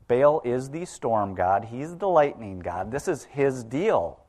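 A man's voice: medium pitch, animated, a little slow, hardly any pauses, darkish tone. A man preaching a sermon in a conversational way, often asking the congregation rhetorical questions.

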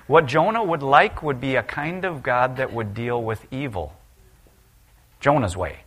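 A middle-aged man delivering a sermon in a mid-pitched voice, telling Bible stories with lively voiced quotes. He swings from quiet, low asides to loud, high outbursts as he plays the people in each story. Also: unhurried, breathy edge. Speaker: preacher.

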